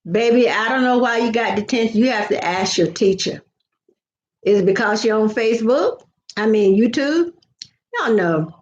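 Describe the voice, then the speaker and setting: A woman's voice: on the high side, expressive, normal speed, darkish tone. An older woman, chatting playfully and rambling with repeated words on a casual home live stream. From American South. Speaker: vlogger. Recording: echoey, dull lo-fi home recording.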